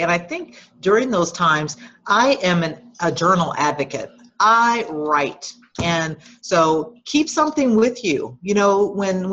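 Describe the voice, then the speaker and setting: A middle-aged woman, a guest in an interview, speaking in a reflective, gentle and advising way over dull lo-fi remote audio. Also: medium pitch. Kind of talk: conversational interview.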